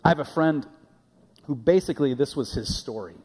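A man's voice: fairly high pitch, a little fast, darkish tone, slightly rough, in a large hall. A man preaching a sermon in a conversational way, often repeating his words as he goes. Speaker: pastor. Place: church sanctuary.

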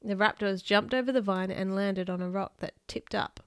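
Lady reading a kids' picture book for a podcast, smooth crisp voice, dry close sound. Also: medium pitch, normal speed, a bit bright, dry recording. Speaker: podcast host reading children's books.

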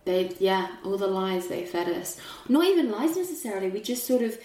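A woman's voice: medium pitch, sing-song, normal speed, mellow. A young adult woman in casual film chat, telling the story with big emotional swings and laughs. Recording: roomy echo.

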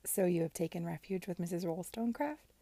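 A woman reading aloud as a young gentlewoman who talks quickly and is flustered, in a storybook reading. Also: sits high, no echo.

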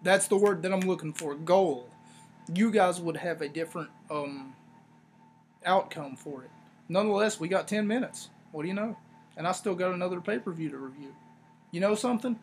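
A man hosting a wrestling review podcast, talking casually in a rambling, sarcastic way with animated asides. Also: high-pitched, moderate pace, slight background noise. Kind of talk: casual solo review talk.

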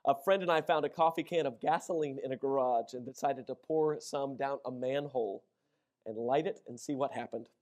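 A middle-aged man preaching a sermon, telling funny personal stories with lively acted-out quotes. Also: mid-range voice, a little fast. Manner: animated storytelling, acts out shouted quotes. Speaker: pastor.

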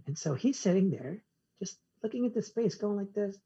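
A man with a high, animated, warm, husky voice, speaking at normal speed, appears as a podcast guest in a casual storytelling interview. He tells a personal story and acts out both sides of the conversation in quoted dialogue. The audio is dull.

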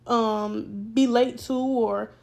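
A young woman with a fairly high voice hosts her own podcast. She tells her story in a loose, rambling way, blunt and full of swearing. The delivery is relaxed and chatty. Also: drawn-out words, vocal fry. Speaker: podcast host. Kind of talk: casual storytime monologue.

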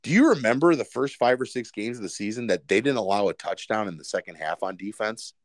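A man's voice: fairly low pitch, animated, fast talker, no room sound. A man co-hosting a casual sports podcast, rambling with many fillers and restarts. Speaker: podcast co-host.

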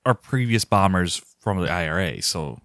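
A man's voice: deep voice, expressive, moderate pace, fairly bright tone, dry recording, clean studio sound. A man co-hosting a casual movie podcast, eagerly recounting scenes. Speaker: podcast co-host.

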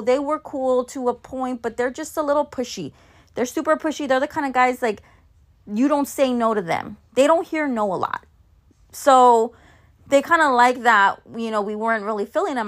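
Chatty woman with a higher voice. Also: a bit bright. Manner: candid and chatty, swears freely. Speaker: vlogger and mom. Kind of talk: casual storytelling vlog.

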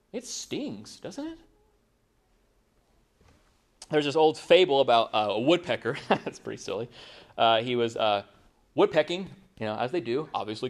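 A man preaching a sermon, asking the room questions and acting out little dialogues as he goes. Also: on the high side. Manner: animated preaching, rhetorical questions, acts out dialogue. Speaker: pastor.

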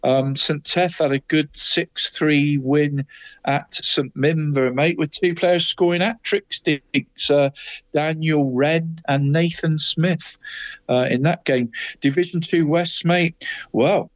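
Male co-host, chatty results round-up, slightly high voice, dry close mic. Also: fairly even intonation, takes it slowly, no echo. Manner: chatty, says "mate" constantly, laughs at own slips. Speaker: football radio co-host. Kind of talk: casual sports results chat.

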